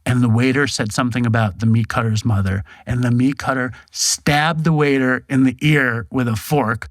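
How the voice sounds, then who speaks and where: A middle-aged New Yorker appears as a podcast guest in a candid storytelling interview, recounting his story frankly and self-deprecatingly with casual swearing. He speaks at a normal speed in a steady, medium-pitched voice, with no echo.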